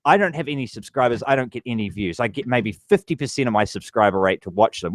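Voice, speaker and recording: A man's voice: medium pitch, animated, fast talker, few pauses, dry recording, poor audio. Dude angrily ranting and swearing on his vlog, voice swings up and down a lot, dry close sound. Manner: angry, profane ranting. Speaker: vlogger. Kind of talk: political rant to camera.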